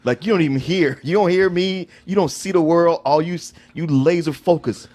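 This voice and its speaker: A man's voice: fairly high pitch, moderate pace, darkish tone. A man co-hosting a casual film review, joking and teasing his co-host and laughing along.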